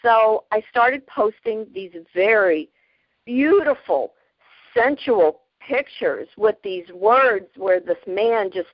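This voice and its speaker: A woman in her fifties, a podcast guest, telling stories in a lively, plainspoken way, often breaking into laughter. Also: medium pitch, dry recording, lo-fi sound. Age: 50s. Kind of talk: casual storytelling.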